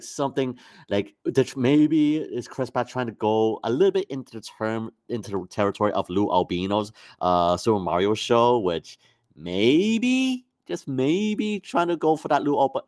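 A man's voice: medium pitch, a little mellow. A man co-hosting a podcast, chatting casually and rambling, often restarting his sentences. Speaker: podcast co-host. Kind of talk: casual chat.

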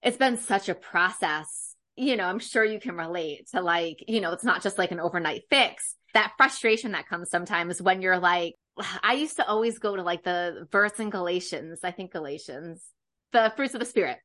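A woman's voice: on the low side, lively intonation, normal speed, pushed and bright. A woman hosting a podcast, chatting casually and sharing her own experience with her guest. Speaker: podcast host. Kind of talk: casual interview chat.

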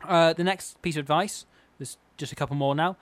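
A man co-hosting a comedy podcast with a deadpan, mock-serious delivery. His voice sits a little high, recorded close and dry with no room sound. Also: brisk, no echo. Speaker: podcast co-host. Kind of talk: absurd comedy banter.

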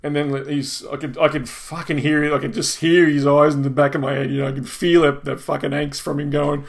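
A middle-aged podcast co-host launches into a long, exasperated complaint, casual and full of swearing. His voice is a little high with a level tone and vocal fry, moving a little fast with hardly any pauses.

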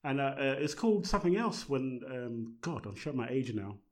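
An older man, a podcast guest telling rambling, relaxed stories and laughing along the way. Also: medium pitch, fairly quick. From South London. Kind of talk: casual conversational storytelling.

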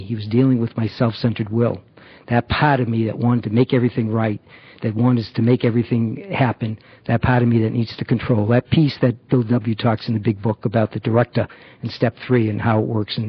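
A middle-aged man giving a halting personal testimony about recovery, full of fillers and restarts. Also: medium pitch, fairly even intonation, husky, no room sound, lo-fi sound. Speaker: recovery program member.

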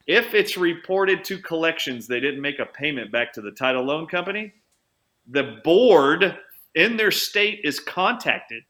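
A man who works as a chiropractor, telling an animated story as an interview guest, changing his pace for emphasis. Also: medium pitch. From United States. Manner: animated anecdote-teller, speeds up and slows down for emphasis. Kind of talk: conversational storytelling.

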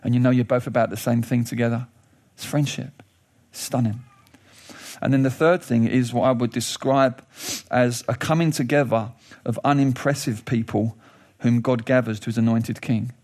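A man preaching a sermon, telling a story with lively restarts and questions. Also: moderate pace. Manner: animated storytelling, rising pitch in questions; frequent restarts and thinking aloud.

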